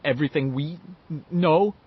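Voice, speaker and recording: A man's voice: on the high side, husky, muffled recording, pitched above the performer's own voice. A man doing a stuttering, earnest boy. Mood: determined. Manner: heavy stutter, slow and careful.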